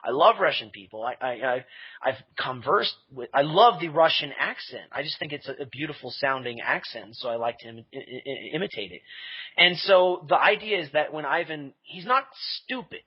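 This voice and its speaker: A man's voice: a little high, expressive, normal speed, slightly rough, muffled recording. A man talking casually in a podcast interview, rambling with fillers and restarts and laughing at himself. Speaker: podcast creator being interviewed.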